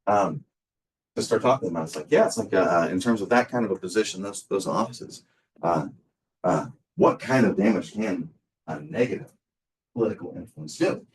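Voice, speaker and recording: A man's voice: low-pitched, animated, moderate pace, distant mic. A male instructor giving a casual recorded class lecture, rambling with many fillers and restarts.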